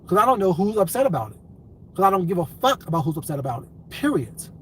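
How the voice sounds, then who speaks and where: A man's voice: high-pitched, big pitch swings, fast, a bit bright, a little hiss or hum, poor audio. A man delivering a profane, confrontational commentary rant, repeating his points again and again. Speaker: commentary vlogger. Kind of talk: ranting commentary vlog.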